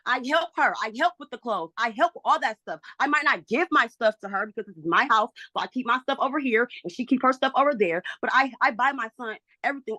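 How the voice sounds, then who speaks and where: Frustrated woman arguing her case to a judge, bright sharp voice, keeps repeating herself. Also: fairly high pitch, expressive, fast, hardly any pauses, dry recording. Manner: agitated, pleading, repeats herself. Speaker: parent in a custody hearing. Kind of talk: emotional courtroom testimony.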